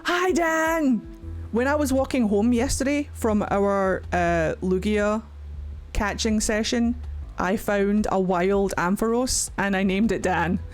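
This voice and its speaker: A woman's voice: medium pitch, unhurried, darkish tone, faint music behind. A Scottish woman chatting casually on a livestream, talking freely and swearing often. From Scotland. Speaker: streamer.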